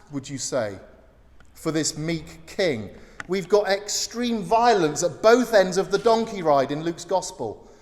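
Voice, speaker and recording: Male British pastor, higher voice, animated sermon, echoey church hall. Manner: storytelling with sudden loud exclamations.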